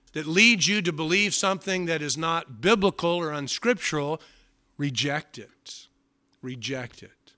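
A man's voice: fairly high pitch, bright, forceful tone. A male pastor preaching a sermon with emphatic delivery, often repeating words for stress.

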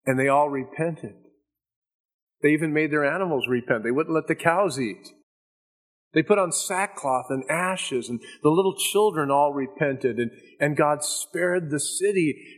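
A man's voice: a little high, moderate pace. Emphatic, dramatic male preacher. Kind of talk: sermon.

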